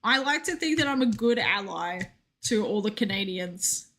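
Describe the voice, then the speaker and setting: A woman's voice: mid-range voice, animated, normal speed, fairly bright tone. A young woman streaming a game, chatting casually and reading out chat with joking asides.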